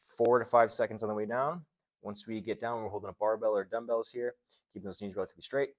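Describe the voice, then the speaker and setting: A man's voice: on the low side, fairly even intonation, fast talker. A man, a chiropractor and trainer, explaining strength exercises as he demonstrates them and counts through the holds.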